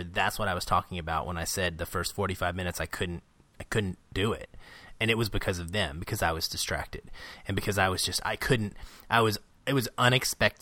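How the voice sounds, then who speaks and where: A young man co-hosting a casual film podcast, talking in an animated, rambling way and often breaking into laughter. His voice is on the low side yet bright and sharp. The sound is very dry and close. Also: no echo. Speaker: podcast co-host. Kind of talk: casual movie review chat.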